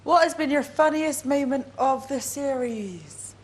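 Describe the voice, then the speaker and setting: A woman's voice: high voice, lively intonation, unhurried, noisy background. A woman housemate in casual chat, giggling and apologizing after cutting in.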